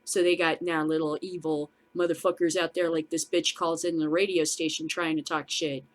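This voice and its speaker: A middle-aged woman with a lowish voice delivers an angry, profanity-laced rant straight to her audience. She talks casually, as a vlog host would, her fury driving each line. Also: flat delivery, moderate pace. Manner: profane, furious ranting. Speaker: show host.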